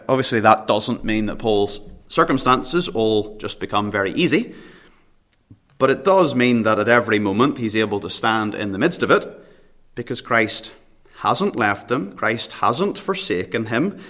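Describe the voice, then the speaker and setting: A man's voice: on the low side, lively intonation, measured pace, fairly bright tone. A pastor preaching at a church prayer meeting, earnest, reading scripture in old King James wording and often repeating a word as he starts a phrase. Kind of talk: sermon.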